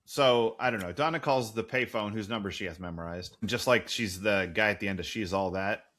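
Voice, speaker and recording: A man's voice: fairly low pitch, brisk, fairly bright tone. A man co-hosting a podcast, recapping a TV episode in a casual, profane, sarcastic way. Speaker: podcast co-host.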